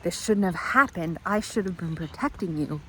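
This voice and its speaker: A woman voicing a protective, guilt-ridden mother wolf in a slow, earnest, repetitive vow. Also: on the low side, expressive, bright, forceful tone, a little hiss or hum, rough recording.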